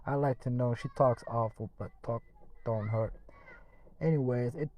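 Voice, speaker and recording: A man's voice: mid-range voice, normal speed, a little mellow, a little hiss or hum, lightly acted, low-quality recording. A man voicing a mischievous boy who eagerly coaxes a friend into doing his chores, as a storybook read aloud. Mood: coaxing.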